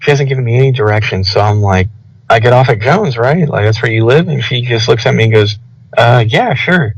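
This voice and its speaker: Rambling young guy, gravelly. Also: mid-range voice, fairly quick, no echo. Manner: rambling, lots of "like" fillers, animated retelling. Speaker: podcast co-host. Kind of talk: casual storytelling chat. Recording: dull lo-fi audio.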